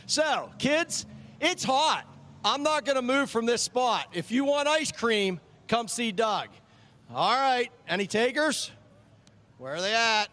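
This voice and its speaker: High-voiced friendly chaplain at a speedway. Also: male voice, expressive, slow, sharp tone. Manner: friendly, joking, repeating names back. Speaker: track chaplain handing out ice cream vouchers. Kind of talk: casual chat with kids over a PA. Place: outdoors at a speedway.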